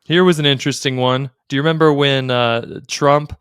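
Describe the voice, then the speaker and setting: A man's voice: mid-range voice, fairly even intonation, fairly quick, fairly bright tone, smooth, no echo, clean studio sound. A man co-hosting a casual podcast conversation, playfully quizzing his co-host like a game show.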